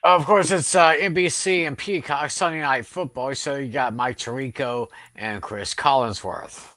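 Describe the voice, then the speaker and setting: Bright-voiced man, dry close sound. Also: mid-range voice, moderate pace, no room sound. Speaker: panelist. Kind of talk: casual sports chat.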